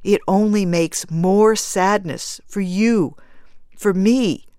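A gentle, worried husband who coaxes his wife with tender patience. A woman narrator reads him in her own unhurried, dry voice. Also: medium pitch, clean tone, dry recording, close to an everyday voice. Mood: coaxing. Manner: gentle, coaxing.

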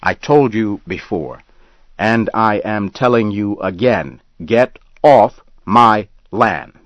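A man's voice: deep voice, big pitch swings, normal speed, pushed and bright, slightly rough, dry recording, exaggerated voice. A man voicing a small bespectacled landowner who is scared but stubborn, raising his voice in short, insistent demands. The recording sounds dull and lo-fi. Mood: angry, defiant.

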